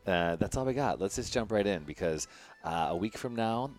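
A man's voice: fairly low pitch, expressive, normal speed, faint music behind. A man hosting a podcast in a casual, joking, rambling way, often laughing. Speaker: podcast host. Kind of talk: casual chat and interview.

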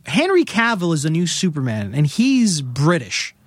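A man talking as a guest film critic in a casual podcast chat, animated and quick to laugh. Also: a little high, no room sound.

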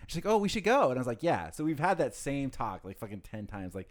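Fast-talking young man, lively storyteller. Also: medium pitch. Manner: animated storyteller, swears freely, quick and expressive. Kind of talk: casual chat.

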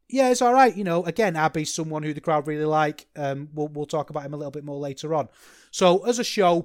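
A man's voice: fairly high pitch, no echo, clean studio sound. Rambling man reviewing wrestling. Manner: rambling, self-deprecating, frequent restarts and fillers. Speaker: podcast host. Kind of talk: solo podcast review.

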